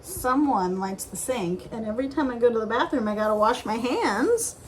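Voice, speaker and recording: A woman's voice: fairly high pitch, animated, normal speed, slight background noise, rough recording. A young woman chatting casually on a home vlog, swearing, laughing and ranting about her cat and her neighbors, filmed on a phone. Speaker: vlogger. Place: home, bathroom and office.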